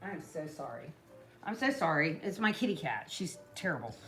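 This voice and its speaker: A woman's voice: low voice, sing-song, moderate pace, fairly bright tone, faint music behind. A woman chatting casually and rambling through a home DIY tutorial, full of asides to her viewers. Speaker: craft vlogger. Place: home kitchen.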